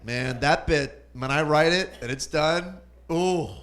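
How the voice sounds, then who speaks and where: A man's voice: on the high side, slow pace, a bit bright. A man in his forties from Southern California doing open-mic stand-up in a comedy club, rambling with self-deprecating asides. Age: 40s. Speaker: stand-up comic.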